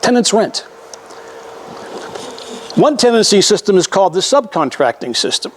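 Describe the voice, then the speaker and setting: An older man gives a folksy history lecture, his voice sitting a little high for a man. He talks conversationally and often repeats or restarts his words as he works through his slides. A faint hum of room noise runs underneath. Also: sing-song, normal speed.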